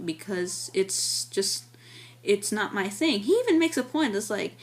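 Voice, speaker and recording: A woman's voice: fairly high pitch, animated, moderate pace. A woman giving a casual, enthusiastic film review, rambling with many fillers and restarts.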